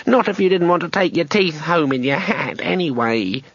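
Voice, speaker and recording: A man's voice: a little high, animated, normal speed, fairly bright tone, no echo, muffled recording, pitched above the performer's own voice. A man voicing a small nervous male gnome who hedges and backpedals. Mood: wary. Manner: hesitant, backpedalling.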